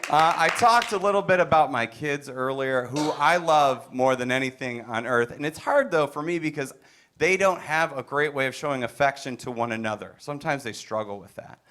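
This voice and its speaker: A middle-aged man from Wisconsin doing a stand-up set, telling stories with deadpan delivery and quiet asides. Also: mid-range voice, moderate pace, slight background noise. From Wisconsin, USA. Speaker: stand-up comedian. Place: comedy stage.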